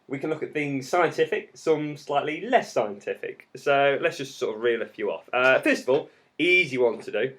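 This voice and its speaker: A man's voice: mid-range voice, expressive, normal speed, fairly bright tone. A man in his thirties who teaches geography, explaining step by step with jokes in a casual podcast. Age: 30s.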